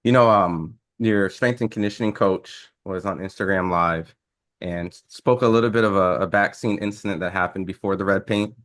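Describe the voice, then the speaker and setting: Man, interviewer, very low voice, rambling questions, hesitant, many restarts. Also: moderate pace, a bit bright.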